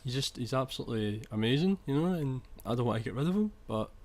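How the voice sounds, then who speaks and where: A man's voice: mid-range voice, expressive, quick pace. Chatty young man gaming. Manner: chatty, swears when annoyed, trails off and restarts. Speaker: gaming commentator. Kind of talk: video game commentary.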